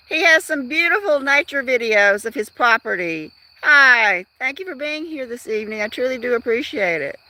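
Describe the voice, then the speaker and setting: A woman with a high, bright voice rambles through a casual livestream. She talks straight to her viewers in an easygoing, chatty way, outdoors as evening falls. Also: expressive, moderate pace, hardly any pauses, no room sound. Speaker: livestream host. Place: outdoors at dusk.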